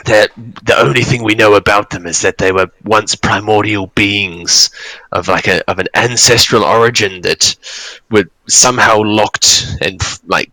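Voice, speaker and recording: A man voicing a vengeful, scornful male dragon with a snarl, low and gravelly. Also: sharp tone, no echo, heavily acted, poor audio. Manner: snarling, contemptuous, slow and grand.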